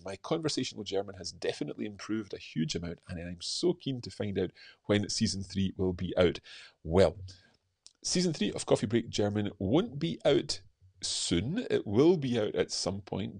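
Deep, husky man hosting. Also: a little mellow, no room sound. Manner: chatty, many fillers and restarts. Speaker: podcast host reading listener reviews. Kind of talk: live-stream casual chat.

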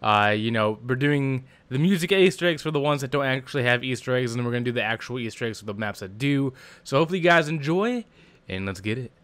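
A man's voice: mid-range voice, animated, fast, fairly bright tone. Joking young man hosting a game session. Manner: joking, laughs often. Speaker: gaming channel host. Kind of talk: casual gameplay chat with friends.

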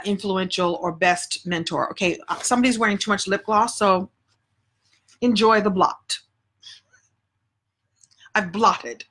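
A woman's voice: mid-range voice, a bit bright. Woman coach, casual live-stream talk, playful storyteller, phone mic. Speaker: speaking coach.

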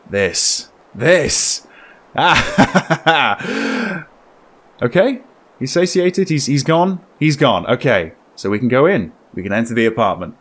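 A man talks his way through a horror game in a loose, joking commentary. His voice is lively and swings freely in pitch as he reacts out loud to what he sees. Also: husky. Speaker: gaming YouTuber. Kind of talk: let's play commentary.

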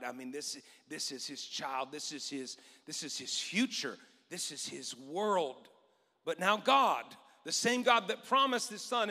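Animated pastor preaching in a hall. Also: male voice, a little high. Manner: animated storytelling, acts out Bible voices. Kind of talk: sermon.

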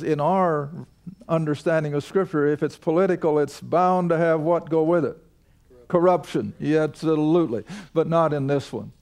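A man's voice: a little high, vocal fry, darkish tone. An older man teaching a Bible study to a seated class, reading verses aloud and putting folksy questions to the listeners. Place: room with a studio audience.

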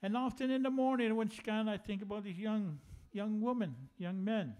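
A man's voice: high voice, moderate pace, darkish tone. A man serving as pastor who leads prayer during a sermon, earnest and prayerful.

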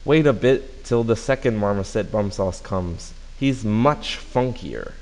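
A man's voice: fairly low pitch, expressive, measured pace, a little mellow, low-quality recording. A man voicing a small, timid male marmoset who pleads to be spared. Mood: pleading.

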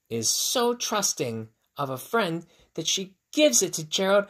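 A man teacher reading a picture book aloud to children, expressive and asking his listeners questions. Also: high voice, a little slow, hardly any pauses, reverberant.

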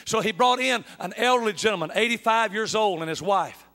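A man's voice: sits high, a little fast, sharp tone. An older man, a bishop, preaching a sermon in a folksy storytelling manner. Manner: folksy storyteller, acts out dialogue. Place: church sanctuary.

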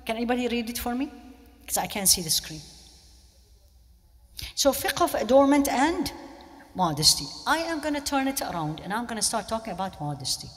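A woman's voice: on the high side, big pitch swings, fairly quick, pauses often. A woman giving an interactive religious lecture, often asking questions of her listeners. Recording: long hall reverb.

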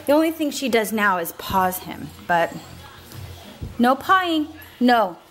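A woman's voice: medium pitch, big pitch swings, normal speed, soft background music. A young adult woman chatting casually in a home vlog, laughing often and coaxing her pets. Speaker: vlogger.

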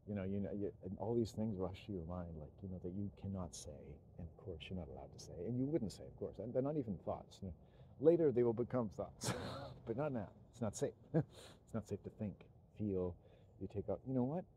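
Low, dark-voiced man rambling with restarts. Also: lively intonation, slight background noise. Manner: meandering, halting, frequent restarts and chuckles. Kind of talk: rambling monologue.

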